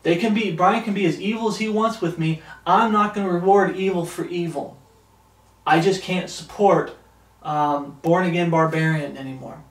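A man preaching a sermon in a fairly high voice. He stretches out the scripture verses with emphasis and then comments on them bluntly, and he sounds a little far from the mic in a roomy echo. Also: steady tone, moderate pace.

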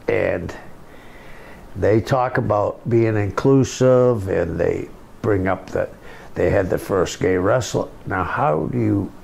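A man talking slowly and deliberately in a casual wrestling interview. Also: lowish voice, gravelly, a little mellow, a little hiss or hum. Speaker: wrestling guest.

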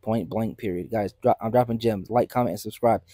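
A man hosting his own crypto channel, talking off the cuff in an animated, emphatic way and often tagging "right?" onto his points. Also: lowish voice, a little fast, no room sound. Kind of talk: casual unscripted market commentary.

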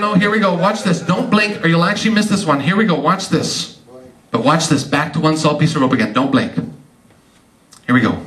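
High-voiced joking man on stage. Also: recorded from a distance. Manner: joking, teasing the audience with quick asides. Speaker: comedy magician. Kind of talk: stand-up comedy magic show. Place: live show venue. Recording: roomy live stage sound from off-mic, loud audience. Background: audience laughing.

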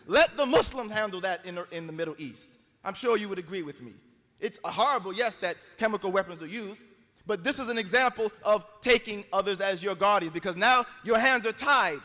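An American man with a high, pushed, bright voice delivers an emphatic, argumentative debate speech, citing scripture to drive his point home. Long hall reverb trails his words.

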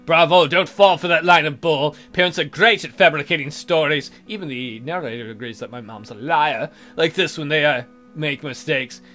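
A man's voice: on the high side, normal speed, hardly any pauses, sharp tone, soft background music. A man hosting a let's play, reading the game's text aloud and adding wry, sarcastic asides. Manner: wry, sarcastic running commentary.

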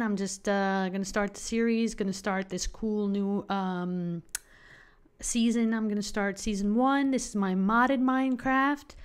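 A young woman giving casual commentary on her game, often gasping and gushing with excitement. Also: mid-range voice, clean tone. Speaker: let's play gamer.

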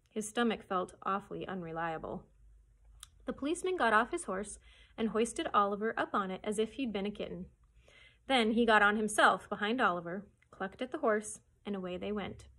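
A woman children's librarian reading a chapter book aloud with expressive storytelling. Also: mid-range voice.

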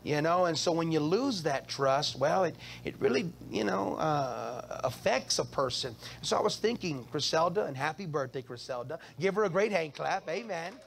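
A man preaching in a church with a notably high, gravelly voice, drawing the congregation in with call-and-response cues. He stumbles over and repeats words as he builds his points, and a faint hiss sits under his speech. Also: lively intonation, moderate pace, hardly any pauses. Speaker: pastor. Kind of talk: sermon.

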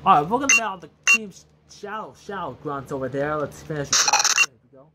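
A woman's voice: deep voice, expressive, fast talker. A woman doing let's play commentary, swearing heavily and bickering as she plays. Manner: heavy swearing, ranting and bickering. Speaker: gaming video host. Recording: loud background noise.

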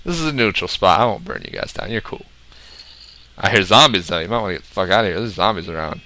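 Young man rambling over gameplay, lively pitch. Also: quick pace, slight background noise. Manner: rambling, jokey, swings to sudden loud outbursts. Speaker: gaming video host. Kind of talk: casual gameplay commentary.

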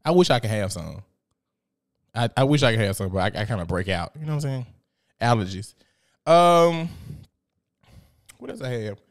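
Podcast host, male, mid-range voice; blunt, profane, animated storyteller. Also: mid-range voice, moderate pace, pauses often. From Memphis, USA. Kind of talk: casual podcast monologue.

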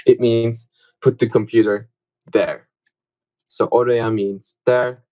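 A young man whose first language is Turkish, teaching verbs in a casual online lesson, full of fillers and quick to correct his own slips. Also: mid-range voice, fairly even intonation, mellow, muffled recording. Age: young adult.

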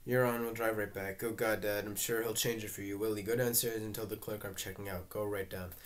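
A man reading a stage play aloud, voicing every part himself and reading out the stage directions, with some halting restarts. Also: on the low side, level tone. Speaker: reader. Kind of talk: amateur reading of a play, all parts.

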